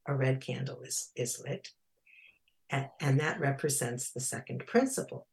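A speaker explaining Kwanzaa in an informal lesson, reading bits from a children's book, thoughtful, with pauses and fillers, slowly spelling out Swahili words. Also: mid-range voice, creaky, breathy edge.

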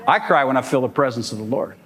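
A man's voice: medium pitch, animated, quick pace, crowd noise. A man preaching a sermon to his church, emphatic and asking the congregation "amen?". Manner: emphatic, call-and-response, asks "amen?". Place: church hall. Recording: long hall reverb.

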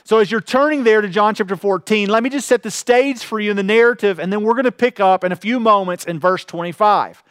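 Guy preaching a sermon, kinda high voice, chatty with lots of uh's, dry close sound. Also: quick pace, hardly any pauses, a bit bright, smooth, dry recording. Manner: conversational preaching with frequent fillers, paraphrasing scripture. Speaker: pastor.

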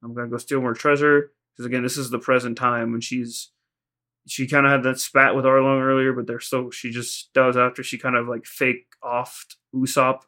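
A man's voice: medium pitch, level tone, normal speed, sharp tone. A man co-hosting a podcast, recapping episodes in a rambling, casual way, full of "like" and quoted lines. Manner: rambling, heavy use of "like", retells scenes in quoted voices. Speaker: podcast co-host.

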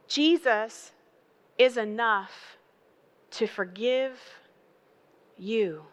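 A woman preaching a sermon, building emphatic repeated phrases and telling animated stories. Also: on the high side, measured pace. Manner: animated storytelling with acted voices.

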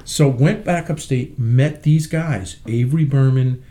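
A man's voice: medium pitch, a little slow, warm tone. A man being interviewed as a musician, talking in a brash, rambling, profane way. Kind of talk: casual interview chat.

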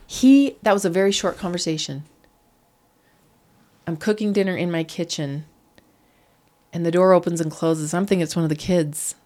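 A middle-aged woman, a podcast guest, telling a painful personal story in an earnest, animated way. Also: on the low side, normal speed. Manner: earnest, animated, acts out quoted voices.

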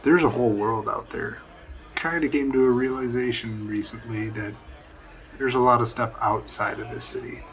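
A man's voice: mid-range voice, steady tone, moderate pace, a bit bright, natural voice, poor audio. A man voicing a blunt, cynical male brawler who brushes off questions, role-playing at a tabletop game. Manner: blunt, dismissive. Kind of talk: tabletop role-play in character.

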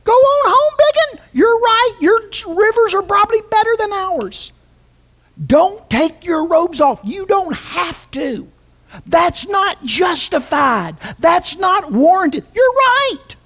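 A woman voicing a sarcastic figure who urges a proud man to go home. The voice is high, shrill and mocking. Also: big pitch swings, takes it slowly, fairly bright tone, exaggerated voice.

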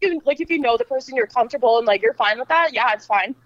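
A woman's voice: a little high, expressive, fast, no echo, lo-fi sound. A woman guest talking on a phone in casual chat, easygoing, with a lot of "um" and "like". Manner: easygoing, filler-heavy speech. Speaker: podcast guest, party organizer.

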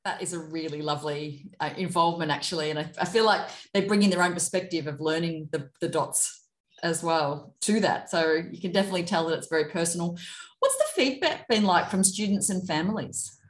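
A woman's voice: lowish voice, fairly quick. A woman hosting a podcast interview, friendly and appreciative, laughing easily with her guest. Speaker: podcast host. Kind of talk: casual interview. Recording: roomy echo.

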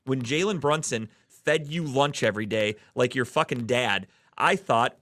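A man's voice: mid-range voice, moderate pace, fairly bright tone. A man from the Cleveland area hosting a casual sports podcast, ranting heatedly and swearing often. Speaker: podcast host.

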